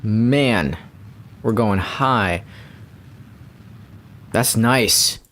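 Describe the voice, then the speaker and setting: A young man giving rambling, playful gameplay commentary, with bursts of excitement when things go his way. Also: fairly low pitch, extremely slow, a little hiss or hum. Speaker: gamer.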